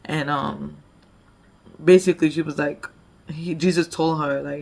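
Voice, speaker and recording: A woman's voice: low-pitched, steady tone, measured pace, creaky, pauses often, a little mellow. A woman leading a devotion, retelling a Bible story conversationally with frequent "like" and "you know". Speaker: devotion leader.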